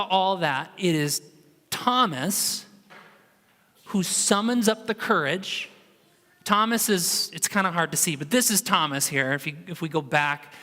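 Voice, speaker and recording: A man delivers a sermon in a church, telling the story in a relaxed, conversational way. His voice is bright and somewhat high for a man. It rings out in a hall with a long reverb. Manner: conversational, animated storytelling with acted quotes. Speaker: pastor. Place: church sanctuary.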